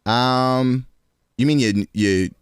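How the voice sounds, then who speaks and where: A man's voice: medium pitch, slow, clean tone, no echo, clean studio sound. A man in his twenties with a New York accent, chatting loosely and profanely with his stream viewers, laughing often. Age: 20s. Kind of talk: casual chat with stream chat.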